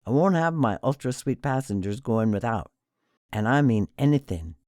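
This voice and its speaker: Casting: a polite, formal Jamaican hotel director, as a narrator puts him on, lively pitch, dry close read. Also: male voice, normal speed, dry recording, natural voice. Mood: courteous. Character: courteous Jamaican man, hotel director on a ship.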